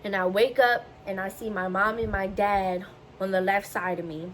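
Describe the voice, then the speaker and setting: A woman's voice: medium pitch, fairly even intonation, normal speed, slight background noise, poor audio. A young woman vlogger telling a personal story in a candid, casual way, slipping into the voices of the people she quotes. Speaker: beauty vlogger.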